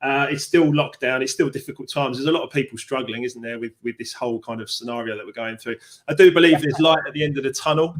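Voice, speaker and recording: A man's voice: mid-range voice, fast. A man with a London Cockney accent hosting a live stream chat as a success coach, rambling with many fillers and restarts over a video call.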